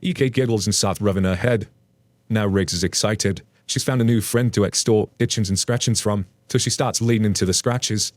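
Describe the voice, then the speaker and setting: A man's voice: on the low side, darkish tone, no room sound. A man casually narrating online stories, chatting directly to his listeners. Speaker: story narrator.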